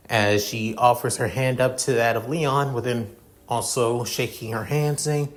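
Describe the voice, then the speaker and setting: A man's voice: mid-range voice, a little slow. A man narrating a fan story in a rambling, filler-heavy way, with casual cursing.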